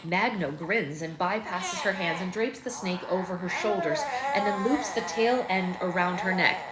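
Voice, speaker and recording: A woman's voice: fairly low pitch, moderate pace, a loud crowd. Mother reading aloud in an echoey room. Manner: expressive reading, breaks off to coo softly to her baby. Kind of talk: read-aloud narration with asides. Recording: echoey room with background noise.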